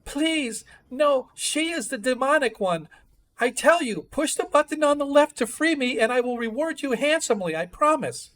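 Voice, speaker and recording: A man's voice: extremely high pitch, animated, moderate pace, a bit bright. A man voicing a trapped woman who claims to be Fey and pleads desperately to be freed. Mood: pleading.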